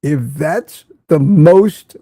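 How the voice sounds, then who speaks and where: Older guy chatting on his morning stream, kinda high-ish mellow voice, sarcastic and rambly. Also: drawn-out words, breathy edge, dry recording. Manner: sarcastic, rambling, greets viewers by name. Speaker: livestream host. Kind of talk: casual morning livestream chat.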